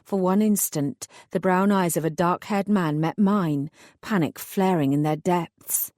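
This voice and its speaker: A woman narrating a first-person fantasy audiobook in a measured, wry way. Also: lowish voice, a little mellow, no room sound, clean studio sound.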